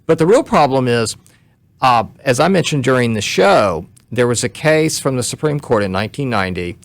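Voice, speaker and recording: A man with a gravelly, creaky voice at an ordinary pitch lays out legal points carefully and step by step. He sounds like a guest on a talk radio show who is short on sleep, and he sometimes backs up and restarts a phrase. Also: big pitch swings, dry recording. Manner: measured, explains step by step, some restarts.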